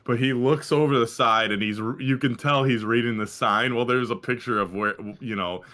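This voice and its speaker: A man's voice: mid-range voice, normal speed, pushed and bright. A young man co-hosting a podcast, rambling casually about sports with lots of restarts. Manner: rambling, profane, full of restarts. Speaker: podcast co-host.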